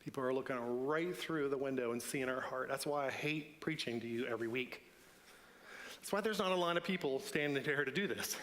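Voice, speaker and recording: A man's voice: mid-range voice, fairly quick, a bit bright. A man preaching a sermon in a church, earnest and building to emphatic repeated lines. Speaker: pastor. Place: church sanctuary. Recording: long church hall reverb.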